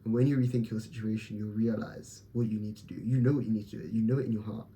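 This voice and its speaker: Blunt, profane young man vlogging, very dark voice. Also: fairly low pitch, steady tone, fast, slight background noise. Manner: blunt, profane, self-motivating pep talk. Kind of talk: candid personal vlog.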